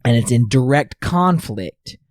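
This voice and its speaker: A man's voice: medium pitch, lively intonation, a little slow, dry recording. A man hosts a casual podcast, talking in an earnest, reflective way and often repeating words as he works through a thought. His voice sits in the middle range and is recorded close and dry, with no room sound. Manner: earnest, reflective, repeats phrases while thinking. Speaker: podcast host. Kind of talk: casual chat.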